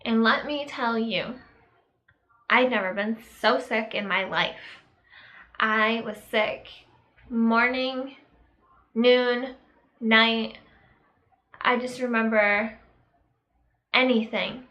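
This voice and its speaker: Slow, bright-voiced young woman vlogging. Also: a little high, dull audio. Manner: halting and reflective, with many fillers and pauses. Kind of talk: casual personal storytelling to camera.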